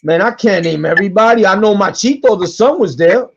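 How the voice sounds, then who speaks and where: Animated high-voiced man telling a story. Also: brisk, noisy background. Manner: animated, acts out quoted voices, repeats himself. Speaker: guest storyteller. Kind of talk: casual podcast storytelling. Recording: dull lo-fi podcast audio.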